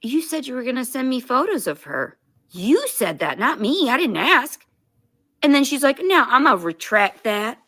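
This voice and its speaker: A woman's voice: sits high, very animated, moderate pace, bright, forceful tone, dry recording, clean studio sound, heavily acted. A woman doing a comedic impression of a foul-mouthed, defensive woman streamer who rants and curses. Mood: aggrieved. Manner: ranting, cursing, mocking.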